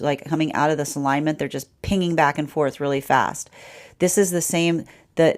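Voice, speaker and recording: A woman giving a live tarot reading, rambling and repeating herself, with frequent "right?" and "like". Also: low voice. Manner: laughs often, quoting the energy's voice. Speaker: tarot reader.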